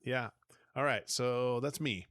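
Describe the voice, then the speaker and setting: A man's voice: mid-range voice, takes it slowly, fairly bright tone, no room sound, studio quality. A man co-hosting a casual podcast who laughs a lot and reads a gamebook aloud in a playful way. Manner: laughing, playful, reads with put-on character voices.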